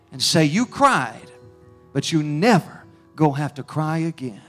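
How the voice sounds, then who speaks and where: A man preaching an emotional sermon in a church sanctuary, swinging between hushed and fervent as he leads an altar call. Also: high-pitched, moderate pace, faint music behind. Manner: emotional, rising and falling intensity, speaks in tongues. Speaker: pastor.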